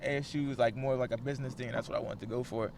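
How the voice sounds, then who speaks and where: A young man from Kansas City, a podcast guest chatting casually in fast slangy talk, breaking into sudden high-pitched shouts. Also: fairly even intonation, creaky, slight background noise. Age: young adult. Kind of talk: casual chat.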